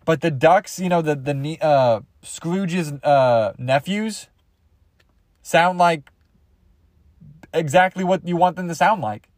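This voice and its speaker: A man's voice: on the high side, takes it slowly, long pauses, dry recording, studio quality. A young man hosting a podcast, rambling through crude, goofy comedy bits and jumping into silly voices. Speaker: podcast host.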